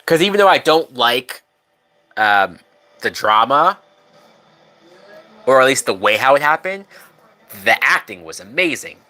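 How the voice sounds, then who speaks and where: A man's voice: medium pitch, sing-song, a little slow, pauses often, pushed and bright. A man casually commenting on a film during a live stream, loose and profane, now and then reading out viewer comments. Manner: loose, profane, chatty, reads out chat. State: drunk.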